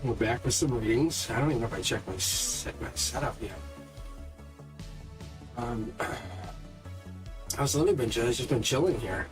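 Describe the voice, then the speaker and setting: A man talks loosely and easily as he hosts a live tarot reading from his home setup, piling on fillers and laughing at himself. His voice sits in an ordinary middle pitch, and music plays clearly underneath. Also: measured pace, long pauses. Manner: rambling, chatty, self-deprecating with frequent fillers. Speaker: tarot reader hosting a livestream. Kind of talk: casual livestream chat. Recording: music playing clearly behind the voice.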